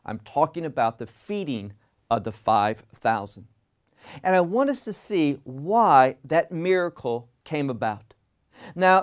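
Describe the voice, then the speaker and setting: A man teaching through a Bible passage verse by verse, deliberate and asking rhetorical questions. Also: a little high.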